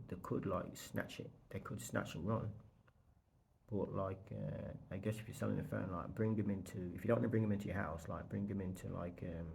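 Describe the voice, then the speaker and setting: Low gravelly British man rambling. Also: slight background noise. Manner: rambling, repeats himself, quotes others in animated bursts. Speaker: vlogger. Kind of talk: casual storytelling vlog.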